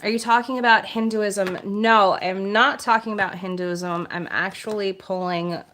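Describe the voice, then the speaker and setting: A woman reading oracle card messages on a live stream and chatting with viewers, soft-spoken and meandering, with plenty of filler words. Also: mid-range voice, fairly even intonation, a little hiss or hum. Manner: reads card messages aloud in a gentle measured tone.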